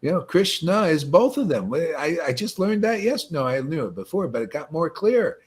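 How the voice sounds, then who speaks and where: Husky, lively-voiced man giving a rambling, joking talk. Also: on the high side, moderate pace. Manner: loose, joking and rambling, with frequent "man" and "you know"; laughs often at his own jokes. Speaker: spiritual teacher leading a meditation session. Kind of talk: casual spiritual talk on a livestream.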